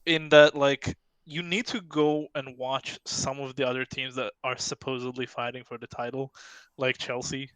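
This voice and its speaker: A man calling into a fan stream to share his match verdict with keen, opinionated enthusiasm. His voice is smooth and clear, recorded dry and close. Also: medium pitch, level tone, moderate pace, a bit bright, no echo. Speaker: guest fan. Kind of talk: casual match analysis.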